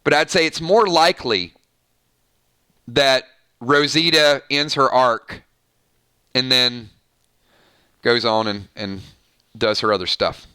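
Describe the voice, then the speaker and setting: A male channel host chatting on a live stream, reading viewer comments, excitable and laughing often, talking straight to his viewers. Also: medium pitch, takes it slowly, pauses often, clean tone, dry recording, clean studio sound.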